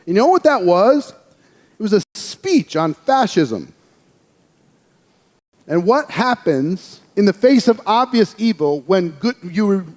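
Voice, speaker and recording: A man telling a personal story in a lively speaking style, acting out the voices of the people in it. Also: sits high, big-room sound. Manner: animated, acts out quoted voices. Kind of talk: storytelling speech.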